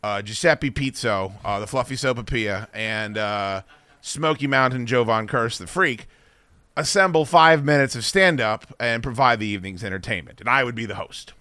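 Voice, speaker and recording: A man's voice: mid-range voice, moderate pace, pushed and bright, no room sound. A man hosting a podcast, chatting casually and telling ranting, profane, mocking stories. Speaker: podcast host. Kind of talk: casual chat.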